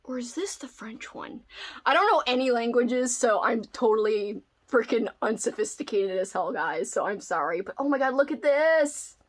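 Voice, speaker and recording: A woman's voice: on the high side, lively intonation, moderate pace. A young woman book vlogger unboxing mail in casual chat, gushing and squealing with delight, saying "like" and "oh my god" often.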